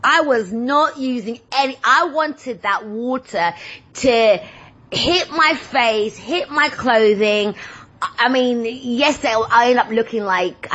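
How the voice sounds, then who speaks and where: Lively woman podcaster, lo-fi sound. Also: a little high. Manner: animated, playful, breaks into silly singing. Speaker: podcast host. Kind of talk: casual chat monologue. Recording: dull lo-fi recording.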